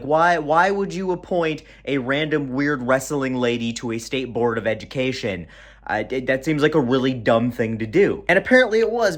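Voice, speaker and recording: A man with a somewhat high voice delivering biting political commentary. He talks sarcastically, swears freely and keeps breaking off into mocking asides. The tone stays that of a host ranting to his audience.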